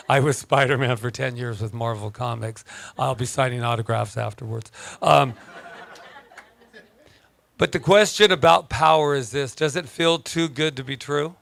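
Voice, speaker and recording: A man's voice: medium pitch, gravelly, a bit bright, dry recording. A man preaching a sermon as a minister, joking in a conversational way and then turning emphatic. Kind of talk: playful sermon. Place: church service.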